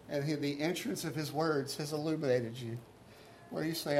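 A man's voice: on the high side, steady tone, normal speed, a little hiss or hum. A man preaching a sermon as pastor, talking earnestly and conversationally and asking his listeners rhetorical questions.

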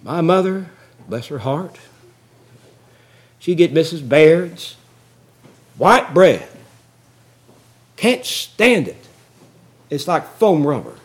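Folksy preacher, high and lively. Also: male voice. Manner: folksy, joking storyteller who gets loud and excited. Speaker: pastor. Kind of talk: sermon.

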